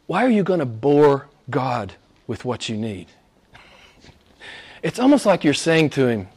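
A middle-aged male pastor preaching a sermon, swinging from hushed asides to high, emphatic exclamations. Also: very animated, a little slow, pauses often, slightly rough.

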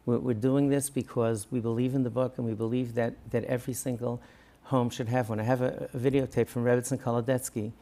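A man's voice: mid-range voice, fairly quick. A man who is a rabbi, talking earnestly in an interview and often acting out the words of parents and coaches. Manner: earnest, animated, acts out parents and coaches in quoted speech. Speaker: rabbi and guest. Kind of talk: conversational interview.

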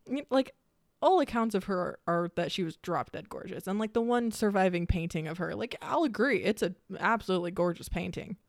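A woman's voice: mid-range voice, expressive, a little fast, gravelly, dry recording, studio quality. A young woman co-hosting a podcast, telling a story in a casual, rambling way with frequent laughs. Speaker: podcast co-host. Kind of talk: casual chat.

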